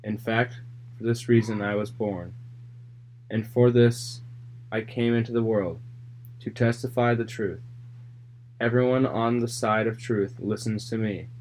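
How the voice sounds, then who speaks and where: Man reading calm male teacher, low voice, earnest, steady, faint hum. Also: a little slow, pauses often, natural voice, poor audio. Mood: solemn. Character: calm male religious teacher speaking plainly.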